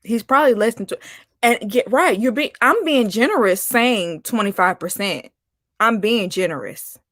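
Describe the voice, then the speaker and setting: Sassy animated woman ranting. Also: fairly high pitch, normal speed, no room sound, studio quality. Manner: animated and sassy, laughing, calling out with "honey" and "baby". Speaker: vlogger host. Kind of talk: casual opinion rant.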